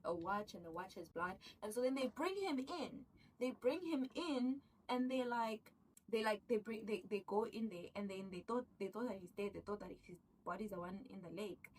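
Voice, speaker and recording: A woman casually recapping a drama series, excitable and animated, acting out the characters' lines as she goes. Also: mid-range voice, far from the mic, slight background noise, poor audio. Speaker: show recapper.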